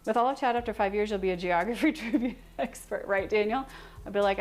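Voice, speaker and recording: A woman's voice: medium pitch, fairly quick, a little mellow. Chatty woman streaming from her kitchen. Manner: chatty and self-deprecating, laughs often. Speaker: livestream cooking host. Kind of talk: casual chat with live viewers while cooking. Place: home kitchen.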